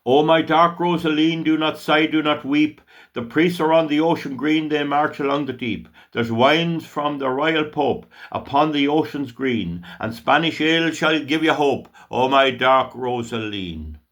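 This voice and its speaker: An older man from Ireland reciting a poem with slow, emotional, declaiming delivery. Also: a little high, fairly bright tone. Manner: slow, emotional, declaiming with long drawn-out phrases. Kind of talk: dramatic poetry recitation.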